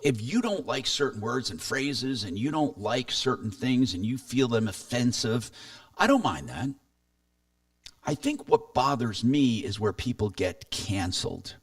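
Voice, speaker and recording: A man's voice: medium pitch, animated, a little slow, no room sound, recorded from a distance. A man hosting a consumer talk radio show, chatting casually and reading listener texts aloud.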